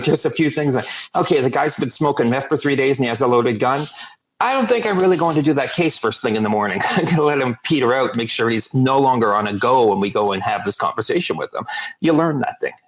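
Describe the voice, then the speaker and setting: A man who works as a sober coach, telling blunt, profane stories in a calm, steady way as a podcast guest. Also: mid-range voice, fast, poor audio. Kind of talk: casual podcast storytelling.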